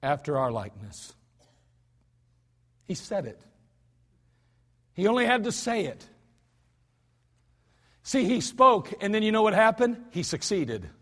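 A high-voiced man preaching a sermon in a church sanctuary. He keeps a conversational tone, sinks to near-quiet lines, then bursts into shouts to make a point. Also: very animated, unhurried, pauses often. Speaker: pastor.

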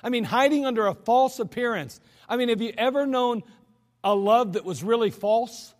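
A man's voice: very high voice, normal speed. A male pastor preaching a sermon in a folksy, emphatic way, with chuckling asides, in a church sanctuary. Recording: long hall reverb.

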